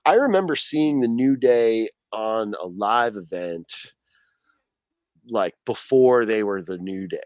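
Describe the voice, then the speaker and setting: A man with a lowish voice talks on a podcast, telling wrestling stories in a loose, rambling and enthusiastic way. He leans on fillers like "you know" and "like". The sound is dry and close to the mic. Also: lively intonation, takes it slowly, no room sound, dull audio. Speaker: podcast host. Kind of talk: casual wrestling chat.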